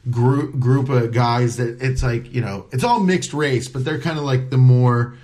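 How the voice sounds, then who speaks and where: A man's voice: mid-range voice, measured pace, a little mellow. A comedian telling a story in casual chat. He acts out the voices of people he quotes and swears freely.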